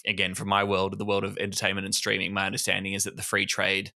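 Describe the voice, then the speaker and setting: A man in casual political chat, his voice bright and forceful. He swears freely and rants, going up loudly when something annoys him. The sound is close and dry, with no room around it. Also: sits low, monotone, fast talker, vocal fry, dry recording. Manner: ranting, sweary, gets loud when angry. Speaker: podcast co-host.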